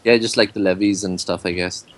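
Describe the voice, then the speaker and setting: A man talking as a player in a tabletop game, relaxed and offhand. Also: sits low, fairly quick, poor audio. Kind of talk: casual chat in a tabletop game.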